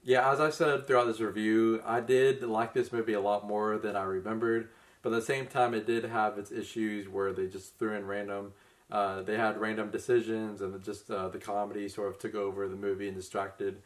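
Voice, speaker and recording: A man co-hosting a casual film review, giving relaxed, agreeable comments. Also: fairly low pitch, moderate pace.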